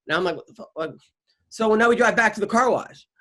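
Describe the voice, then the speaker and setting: A man's voice: high voice, brisk, pushed and bright. A middle-aged man hosting a podcast, telling a rambling story in casual chat, stammering, restarting and swearing freely. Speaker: podcast host.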